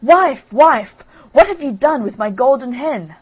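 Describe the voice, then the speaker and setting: A woman voicing a huge, greedy male ogre in a storybook reading, shouting his lines. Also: lively intonation, a little slow, slightly rough. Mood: bellowing. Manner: booming shouts.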